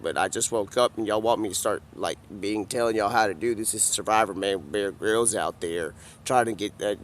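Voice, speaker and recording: A man's voice: on the low side, a bit bright. A man doing an improvised comedy skit outdoors, rambling and drawling, filling nearly every sentence with "man" and "bro". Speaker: comedic vlogger.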